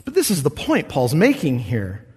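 A man preaches with earnest, conversational warmth, acting out the voices of the people he quotes. His voice sits a little high and breathy-husky, rising and falling with wide swings. Long reverb trails behind him from a large hall. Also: huge pitch swings, normal speed. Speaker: pastor. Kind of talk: sermon.

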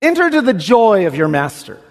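A man preaching an expository sermon, animated, swinging from hushed tones to exclamation. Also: high-pitched, a little fast, creaky. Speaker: pastor. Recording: reverberant hall.

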